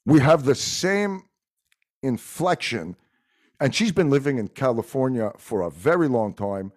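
A middle-aged man with a Montreal accent whose first language is French, talking in a casual chat, animated and swearing freely. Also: mid-range voice, unhurried. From Montreal, Quebec. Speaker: guest musician.

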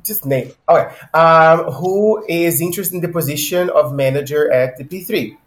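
A man's voice: fairly high pitch, normal speed. Chatty man in an echoey room. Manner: laughs easily, chatty with filler ums. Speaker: podcast co-host. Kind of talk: casual book discussion. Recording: roomy echo.

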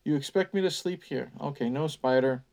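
A man's voice: medium pitch, brisk, gravelly, darkish tone, close to an everyday voice. A man reading aloud, voicing a spoiled teenage girl who complains haughtily. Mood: complaining.

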